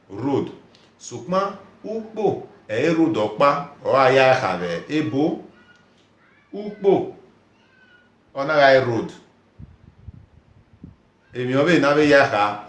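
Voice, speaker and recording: A man teaching a language lesson, who says each word slowly, repeats it for learners to copy and reads out viewers' comments. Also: mid-range voice, roomy sound.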